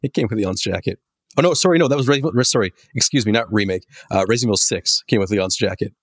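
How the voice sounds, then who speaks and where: A man co-hosting a casual gaming chat, matter-of-fact and quick to correct himself. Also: lowish voice, dry recording, studio quality. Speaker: podcast co-host.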